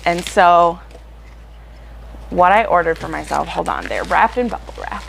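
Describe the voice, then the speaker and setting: Chatty woman book vlogger, lowish voice. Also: a little slow, gravelly, pauses often, background noise. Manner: chatty and excitable, with frequent fillers. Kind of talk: casual chat to camera.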